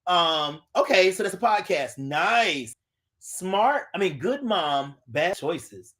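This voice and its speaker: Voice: mid-range voice, very animated, slow pace, fairly bright tone. An adult host chatting casually on a live stream, greeting viewers by name and reading their comments aloud, recorded on a phone.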